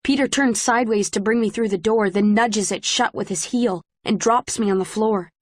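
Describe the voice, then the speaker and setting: A woman reading a first-person story as an audiobook narrator, in a measured storytelling manner. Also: medium pitch, no echo, studio quality. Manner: measured, present-tense storytelling.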